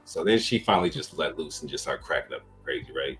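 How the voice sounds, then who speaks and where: A man's voice: a bass voice, fast talker, few pauses, soft background music, rough recording. A man hosting a podcast, telling a rambling story in a laid-back, profane, casual way. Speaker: podcast host.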